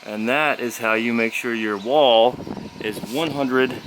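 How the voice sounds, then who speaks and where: Folksy builder on a windy site. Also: male voice, medium pitch, unhurried, fairly bright tone. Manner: explains step by step, loose and folksy. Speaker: builder showing his work. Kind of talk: casual job-site walkthrough. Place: outdoor construction site, windy. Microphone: camera's built-in mic. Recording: windy outdoor camera audio. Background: wind noise.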